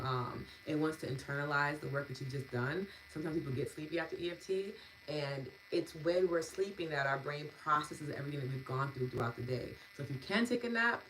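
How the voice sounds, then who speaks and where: On a rough recording with slight background noise, a low-voiced woman closes out her live EFT and meditation stream by reading chat comments. She gushes warmly as she thanks viewers by name, laughing frequently and filling her speech with fillers.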